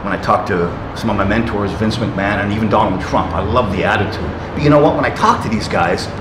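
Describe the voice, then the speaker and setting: A man's voice: lowish voice, expressive, fast talker. A man in his sixties talking as an interview guest, reminiscing in an intense, emphatic, motivational way with punchy bursts. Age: 60s. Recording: roomy with loud traffic noise.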